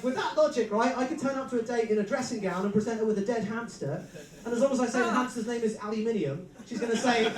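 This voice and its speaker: English guy in his 30s hosting a comedy night, high-ish voice, echoey room, crowd noise behind. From England. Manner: self-mocking storytelling with frequent laughs. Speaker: host. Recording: roomy live venue mic from a distance, crowd noise.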